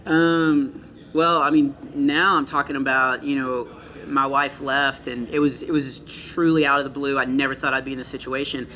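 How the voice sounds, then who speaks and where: A middle-aged male comedian chatting in an interview, telling earnest stories with quick asides. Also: mid-range voice, level tone, sharp tone. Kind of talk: casual interview chat. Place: comedy club after a show.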